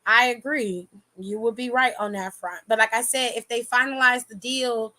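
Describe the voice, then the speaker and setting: A young woman giving casual, animated commentary on wrestling news, swearing freely and laughing often. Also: on the high side, normal speed, few pauses.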